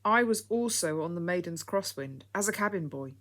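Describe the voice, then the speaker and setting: A woman reading the lines of an earnest, excitable young boy in an audiobook story. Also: fairly low pitch, normal speed. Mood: eager. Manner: eager, earnest.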